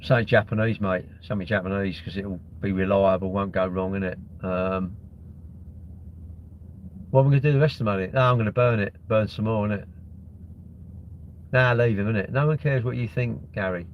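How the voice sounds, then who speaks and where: A man's voice: lowish voice, brisk, long pauses, muffled recording, slight background noise. A young man hosting a casual livestream, reading out comments and bantering with sarcastic, rambling jokes. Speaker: livestream host.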